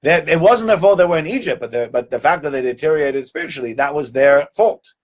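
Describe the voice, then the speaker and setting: A man teaching a weekly Torah lesson, telling stories in an animated way and often repeating words. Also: fairly high pitch, fast.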